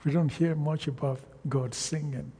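A man preaching a sermon, slow and emphatic, calling out to the congregation for responses. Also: a little high, steady tone, warm tone, husky, in a large hall.

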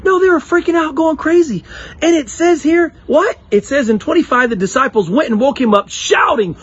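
A young man giving an animated children's sermon, talking straight to the kids and acting out the story. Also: very high-pitched, moderate pace, no echo, dull audio. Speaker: youth pastor. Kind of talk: children's sermon with object lesson.

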